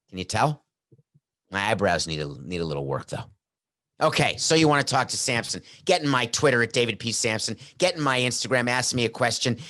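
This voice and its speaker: A middle-aged man hosts a sports talk podcast into a headset mic, delivering a casual monologue full of jokes, sarcasm and rhetorical questions. His voice is medium-pitched with a fairly bright tone.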